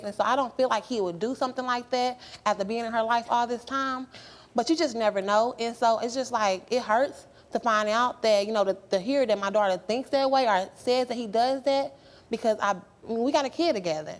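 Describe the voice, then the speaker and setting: A woman's voice: a little high, fairly quick. A young woman who is a guest on a talk show, telling her story in a rambling, hesitant way with many fillers. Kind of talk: emotional talk show testimony.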